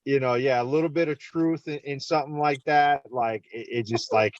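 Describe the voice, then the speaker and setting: A man hosting a podcast, musing hesitantly and circling his point with filler words. His voice sits at an average pitch and sounds dry, through a slightly dull, lo-fi mic. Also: steady tone, moderate pace, no echo. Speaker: podcast host. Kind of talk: casual chat.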